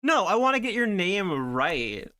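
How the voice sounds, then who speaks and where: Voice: mid-range voice, sing-song, a little slow, pushed and bright, smooth. A streamer chatting casually to viewers while drawing, greeting them by name, with rambling asides.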